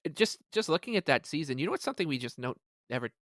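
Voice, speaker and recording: A man's voice: on the high side, very animated, racing, a bit bright, dry recording. A man chats on a podcast and muses with amused animation. The recording is dry, with no room sound. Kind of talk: casual chat.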